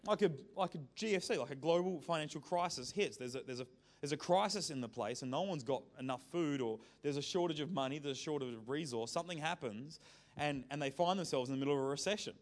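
A man with a fairly high voice talks fast while preaching a sermon. He tells a story in a lively, conversational way, peppering it with jokes.

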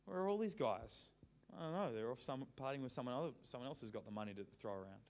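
A man's voice: mid-range voice, fast. A man preaching a sermon, telling a story in a conversational, joking way. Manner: conversational, lively storytelling with jokes.

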